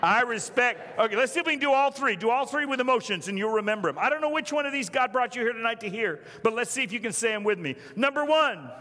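A man's voice: very high voice, lively intonation, fast, few pauses, pushed and bright. A man preaching a storytelling sermon, acting out the voices of the people in his story. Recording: reverberant church hall.

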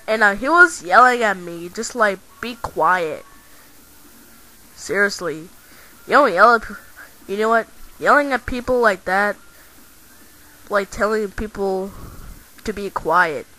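A woman's voice: mid-range voice, sharp tone, poor audio. A woman voicing an angry male toy action figure in a home-made toy video, rambling and repeating herself.

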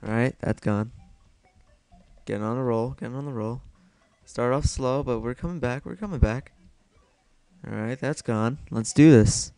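A man's voice: mid-range voice, normal speed, pauses often, warm tone, clean tone, no echo. A young man giving casual solo gameplay commentary, self-mocking and swearing a lot as he mutters to himself.

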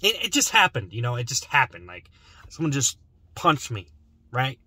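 A man's voice: medium pitch, wildly swooping pitch, moderate pace, sharp tone, husky, dry recording. A young man rambling and joking to camera while sitting in his parked car. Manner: rambling, joking, mumbles asides. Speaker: vlogger. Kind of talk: rambling comedic car vlog.

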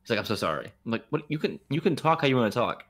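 A man co-hosting a podcast, recapping a movie in a rambling, animated way with many restarts. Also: mid-range voice, rapid-fire. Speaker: podcast co-host. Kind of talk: casual chat.

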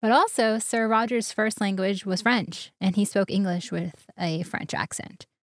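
A woman's voice: mid-range voice, fairly even intonation, measured pace, no echo, clean studio sound. A woman co-hosting a casual podcast, leading the story from her notes and laughing often. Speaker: podcast co-host.

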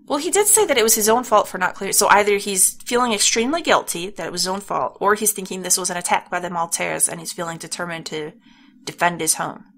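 A young American woman giving casual let's play commentary, chatty and thinking out loud with amusement. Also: lowish voice, fast. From United States.

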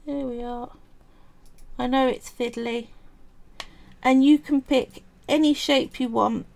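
A woman's voice: high voice, fairly even intonation, takes it slowly, creaky, a little mellow. A woman with a Cockney accent, talking chattily through a craft tutorial at home, thinking aloud as she works. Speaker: polymer clay crafter and streamer.

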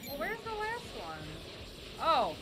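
A woman giving bubbly, excited let's-play commentary, cheering and squealing at the game as she plays. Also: high-pitched, takes it slowly, slight background noise. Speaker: gaming streamer. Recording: game music playing behind. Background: game music.

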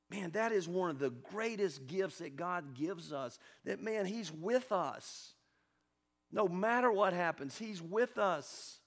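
A male pastor with a fairly high voice delivers an impassioned sermon in a church sanctuary. He drops to near-hushed stretches, then climbs to loud, emphatic peaks. He keeps throwing questions out to the congregation. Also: animated, slow, vocal fry. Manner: fervent preaching, swings from hushed to loud.

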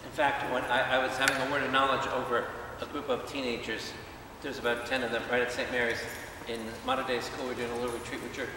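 A man, a priest, preaching a lively Bible study to a congregation, asking questions and acting out quotes. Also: medium pitch, fast, few pauses, noisy background. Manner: animated, questions the audience, acts out quotes. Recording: echoey hall, speaker far from mic.

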